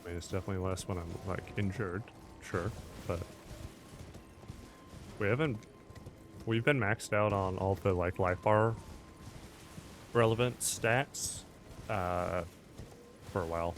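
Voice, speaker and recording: A man's voice: low voice, measured pace, long pauses, slight background noise. A man streaming a video game, chatting casually, answering viewer chat and counting out workout reps between fights. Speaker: gaming streamer. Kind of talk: casual livestream chat while gaming.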